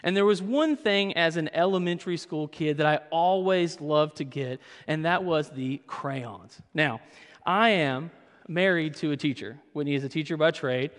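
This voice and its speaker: A man's voice: on the high side, normal speed. A young man from Kentucky, preaching a sermon as pastor and telling humorous family stories. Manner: humorous storytelling. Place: church sanctuary. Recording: long hall reverb.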